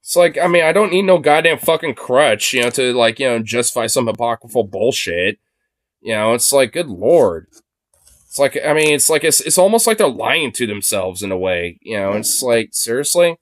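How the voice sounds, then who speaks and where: A man's voice: mid-range voice, animated, normal speed, no echo, clean studio sound. A young man ranting casually, rambling with lots of fillers and swearing. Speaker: podcast host. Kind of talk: casual profane rant.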